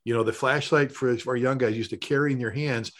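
A middle-aged man, a firefighter and paramedic, telling rambling, animated stories in casual conversation. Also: medium pitch, brisk. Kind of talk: conversational storytelling.

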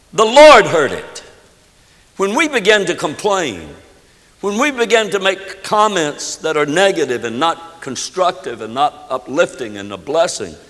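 A male pastor delivers an emphatic sermon in a church sanctuary. His pitch swings widely as he preaches and leads the congregation in prayer. His voice sits a little high for a man and trails off into the long reverb of a large hall. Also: fairly bright tone.

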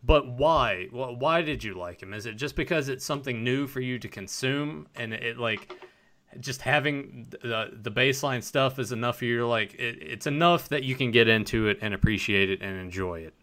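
Bright-voiced man hosting a fan podcast. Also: medium pitch, normal speed. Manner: animated, swears casually. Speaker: podcast host. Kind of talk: casual fan podcast chat.

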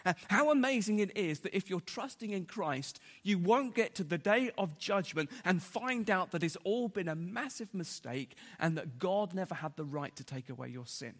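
A man's voice: high-pitched, lively intonation, moderate pace, few pauses, fairly bright tone, long reverb tail. A man preaching a sermon earnestly, repeating key words for emphasis, with frequent fillers and restarts.

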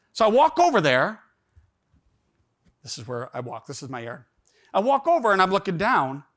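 A middle-aged man telling a personal story to an audience, rambling and animated, with many fillers and restarts. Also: high voice. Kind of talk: storytelling talk.

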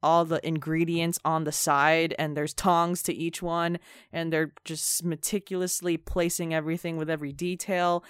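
A woman's voice: sits low, clean tone, dry recording, clean studio sound. A peppy young woman co-hosting a podcast, telling a story in casual chat. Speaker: podcast co-host.

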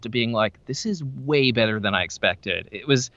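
A man in casual conversation about movies, his voice bright and forceful. He gets animated, jumping high in pitch whenever he acts out his own reactions. The recording is dry and a bit dull, with no room sound. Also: moderate pace, no room sound. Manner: animated, jumps high in pitch when quoting himself. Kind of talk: casual film discussion.

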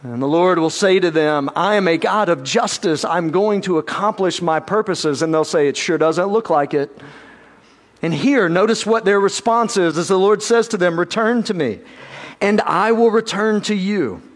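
A man preaching a sermon to his congregation, emphatic, slowing down and dropping low on key words, with touches of light humor. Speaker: pastor.

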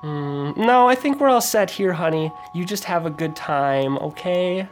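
A man voicing a gentle, dithering mother in a tabletop game, hesitant and soft-spoken. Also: sits high, expressive, unhurried, soft background music, voice pushed up. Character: sweet elderly-ish human mother, gentle.

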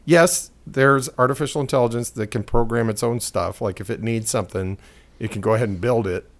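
A man's voice: medium pitch, brisk. A man co-hosting a casual podcast chat, rambling through jokes and opinions and laughing often. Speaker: podcast co-host.

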